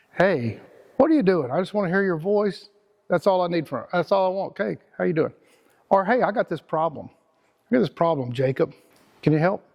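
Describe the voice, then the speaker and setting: A man's voice: high voice, darkish tone. A middle-aged man with a Texan accent giving a casual, rambling motivational talk as host, repeating words and using slang.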